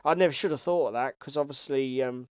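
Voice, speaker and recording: A man's voice: medium pitch, fast, clear, resonant tone, no room sound. A man co-hosting a casual podcast chat, reading out viewer comments and swearing freely. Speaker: podcast co-host. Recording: dull, slightly lo-fi sound.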